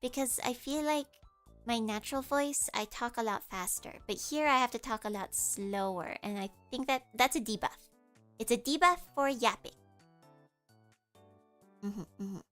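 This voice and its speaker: A woman streaming, her voice sitting a little high with a nasal edge. She chats casually and explains things at length. Soft background music plays faintly behind her. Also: normal speed. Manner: chatty, explains with vocal demos.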